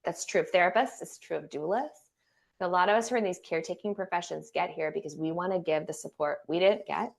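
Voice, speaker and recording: A woman trauma therapist and doula speaking as a podcast guest, earnest and expressive, often acting out what people say. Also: lowish voice, fast talker, gravelly. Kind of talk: casual podcast interview.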